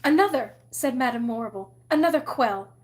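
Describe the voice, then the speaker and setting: A woman's voice: a little high, lively intonation, unhurried. A woman reading aloud, voicing a pompous, theatrical older headmistress who declaims grandly. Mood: pronouncing.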